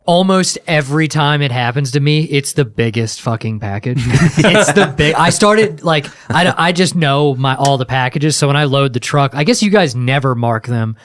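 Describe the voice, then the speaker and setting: A man talking as a podcast guest, a mail carrier who vents about the job and mocks customers in quick quoted lines. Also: a little high, expressive, a bit bright, no room sound. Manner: laid-back, swearing, mocking customers in put-on quotes. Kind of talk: casual chat.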